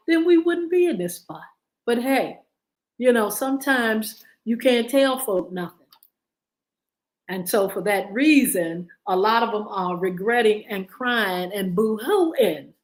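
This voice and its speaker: A woman's voice: mid-range voice, poor audio. Preachy woman radio show host. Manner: preachy and exhortative, with repetition. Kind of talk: talk radio monologue.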